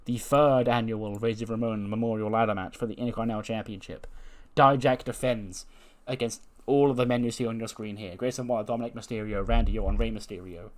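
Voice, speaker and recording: A man's voice: on the low side, fast talker. Male game host, casual storyline narration. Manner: lively, acts out promos.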